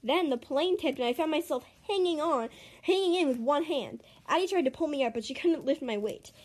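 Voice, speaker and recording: A woman reading her own made-up story aloud, earnest and expressive, with small stumbles. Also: sits high, brisk.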